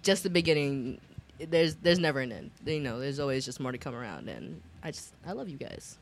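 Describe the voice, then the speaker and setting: A podcast co-host talking in a slangy, affectionate way, full of fillers and laughter. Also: male voice, mid-range voice, sing-song, fairly quick, vocal fry, slight background noise. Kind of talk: emotional casual chat.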